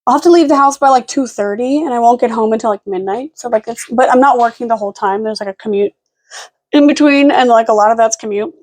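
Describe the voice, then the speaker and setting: A rambling young woman vlogging from home late at night, her voice sitting a bit high for a woman. She talks in a loose, frazzled way and slips into cooing baby talk for her dogs now and then. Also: quick pace, a little mellow. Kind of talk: casual late-night vlog chat.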